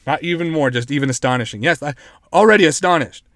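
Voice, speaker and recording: A male podcast host with a somewhat high voice, joking and swearing freely as he reads stories aloud. The sound is dry and close, with no room at all. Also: brisk, dry recording. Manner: joking, profane, animated. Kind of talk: casual podcast chat, reading news aloud.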